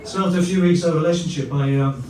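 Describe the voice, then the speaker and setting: A man's voice: fairly high pitch, rapid-fire, distant mic, a crowd in the background. A man doing a stand-up comedy routine in a pompous mock-posh manner, on a comedy club stage. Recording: roomy live venue from afar with audience noise.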